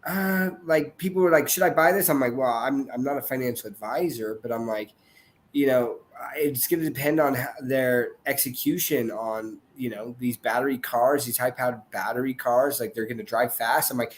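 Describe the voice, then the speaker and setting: A man with a mid-range voice chats on a podcast. He talks in a reflective, unhurried way and often restarts a thought before finishing it. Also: medium pitch, a little hiss or hum. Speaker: podcast panelist. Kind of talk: casual podcast chat.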